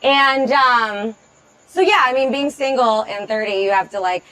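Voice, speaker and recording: An actress playing a thirty-year-old stand-up comedian who sarcastically tears into a heckler, with lots of filler words. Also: female voice, a little high, a little slow, fairly bright tone, poor audio. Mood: sarcastic. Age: 30s. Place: comedy club stage.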